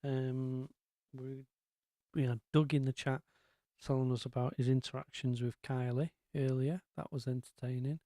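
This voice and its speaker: A man's voice: mid-range voice, level tone, moderate pace, dark tone, dry recording. A man hosting a casual live-stream chat, rambling along with lots of ums and asides.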